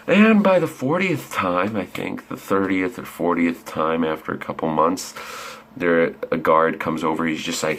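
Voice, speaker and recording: A man's voice: rumbling low, moderate pace, fairly bright tone, slight background noise. A young man in his late teens telling a rambling, profane story in a laid-back way. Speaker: vlogger. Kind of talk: casual storytelling.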